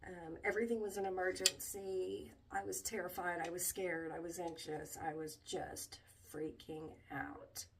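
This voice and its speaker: A middle-aged woman vlogging candidly about her struggles, halting and emotional, with many restarts. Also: fairly low pitch, flat delivery, creaky, a bit bright, far from the mic, a little hiss or hum. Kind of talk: candid personal vlog talk.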